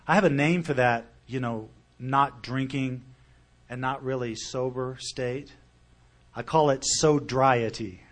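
A middle-aged man telling his recovery story to a group, animated and swinging from loud to quiet as he quotes other people. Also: mid-range voice. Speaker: speaker sharing recovery story. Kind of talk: storytelling talk at a recovery meeting.

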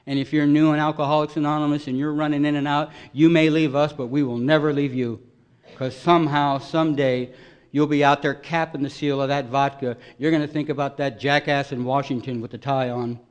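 A man giving an earnest, emotional personal testimony at a recovery meeting, voice swelling loud at its peaks. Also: on the high side, level tone, brisk, clean tone, highs cut off.

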